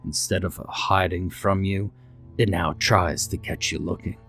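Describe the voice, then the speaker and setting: A grumpy, gruff older ranger boss growls out warnings over a radio, his voice low and slow, with a man acting him out. It is a storybook horror figure, with faint music playing underneath. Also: steady tone, a bit bright, full character voice.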